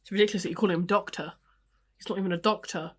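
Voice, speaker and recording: A woman's voice: mid-range voice, steady tone, racing. A young woman co-hosting a podcast, chatting casually and teasing her co-host while they watch an episode. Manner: teasing, joking. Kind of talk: casual commentary chat.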